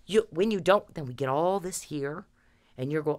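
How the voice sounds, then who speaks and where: Brief: low-pitched woman, furious profane vlog rant, blunt and scolding. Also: expressive, fairly quick. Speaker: vlogger. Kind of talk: angry direct-to-camera rant.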